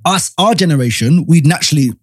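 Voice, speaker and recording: Guy on a football podcast, fast chatty banter, dry close sound. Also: fairly high pitch, lively intonation, dry recording. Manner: quick, interjecting, agreeable banter. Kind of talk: casual football chat.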